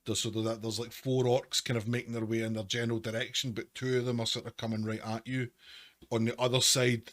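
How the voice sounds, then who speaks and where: A man's voice: medium pitch, little pitch movement, brisk, a bit bright, dry recording. A man narrating as game master, describing the scene in a loose, hedging way.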